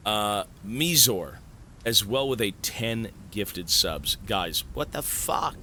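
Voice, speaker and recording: A man streaming live, thanking viewers for gifts in an excitable, swearing, disbelieving way. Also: fairly low pitch, slow, a little hiss or hum. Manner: excitable, swears a lot, stunned outbursts.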